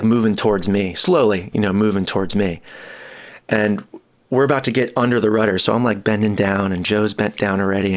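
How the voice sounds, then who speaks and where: A man, a sound mixer on a podcast, telling a casual anecdote with lively energy and quick jumps into higher voices when quoting people. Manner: animated, jumps into higher-pitched voices for quotes. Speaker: boom operator and sound mixer guest.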